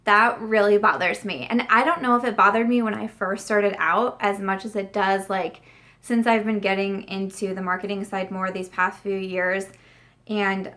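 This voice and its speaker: A woman's voice: mid-range voice, fairly even intonation, moderate pace, a bit bright. A woman in her thirties vlogging casually to camera as a book reviewer, chatty, with frequent restarts and fillers.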